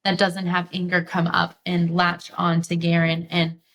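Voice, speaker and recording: A woman speaks as a podcast guest in a low, fairly even voice. She talks earnestly about her relationship, sprinkling her sentences with "like," and faint noise sits under the recording. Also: a little slow. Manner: earnest, reflective, frequent "like" fillers. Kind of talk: candid relationship talk.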